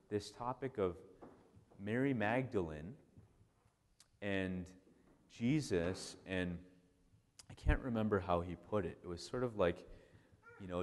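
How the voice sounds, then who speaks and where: Lowish voiced priest telling stories, chatty, lots of restarts, hall echo. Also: male voice. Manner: animated, conversational, many restarts and "like". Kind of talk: casual storytelling talk. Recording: long hall reverb.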